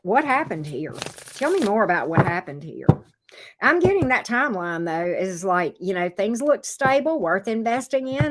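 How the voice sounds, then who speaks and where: A woman's voice: mid-range voice, big pitch swings, normal speed, heavy background noise. A woman giving a casual tarot reading, chatting straight to her viewers, teasing them playfully and repeating her phrases. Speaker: tarot reader.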